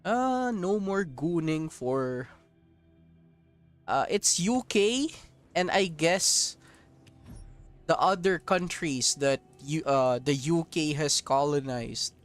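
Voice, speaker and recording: Guy streaming a mobile game, slightly higher voice, easygoing and jokey, little music underneath. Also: expressive, takes it slowly, pauses often. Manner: joking, profane, talks to viewers as homies. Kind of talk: casual gameplay commentary.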